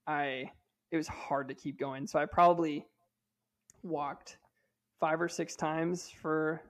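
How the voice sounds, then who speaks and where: A man in his thirties, a podcast co-host, telling a personal story in a chatty way with lots of fillers and restarts. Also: a little high. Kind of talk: casual storytelling.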